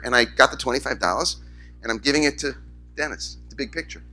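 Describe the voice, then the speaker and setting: A man's voice: fairly high pitch, fast talker, a little hiss or hum. A man, a rabbi, giving a conference keynote, telling stories and acting out the voices of the people in them. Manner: storytelling, animated, acts out quoted voices. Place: conference hall, in front of audience.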